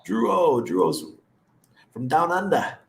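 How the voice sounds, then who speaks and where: A man's voice: fairly high pitch, big pitch swings, slow pace, vocal fry, reverberant. A middle-aged man hosting a casual livestream chat who laughs often and greets viewers by name. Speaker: livestream host.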